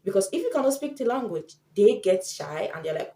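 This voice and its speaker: A woman's voice: on the high side, lively intonation, fairly quick, few pauses, warm tone. A woman vlogger giving tips in casual chat to camera, chatty and often acting out the people she quotes. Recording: echoey room.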